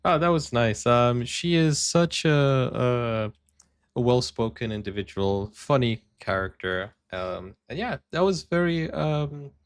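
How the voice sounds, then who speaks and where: A man of middle pitch chats casually in a reaction video, hesitant and full of pauses. His voice sounds dry and close, with no room echo. He laughs easily and restarts often. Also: lively intonation, clear, resonant tone.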